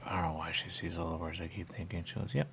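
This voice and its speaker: A man's voice: deep voice, fairly even intonation, fast talker, creaky, noisy background. A man hosting a radio talk show in a meandering, repetitive, stream-of-consciousness monologue. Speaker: radio host. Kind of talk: rambling monologue.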